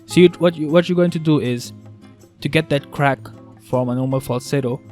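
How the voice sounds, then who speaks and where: A man's voice: on the high side, darkish tone, soft background music. Man explaining beatbox vocal technique. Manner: halting, restarts, thinks aloud. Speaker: beatbox teacher. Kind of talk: casual tutorial explanation.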